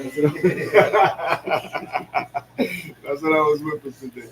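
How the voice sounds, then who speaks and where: A man with a voice on the high side talks slowly in a casual vlog while he drives, with music and background noise around him. He's slangy, repeatedly saying "yo" and "you know what I'm saying," and laughs often between lines.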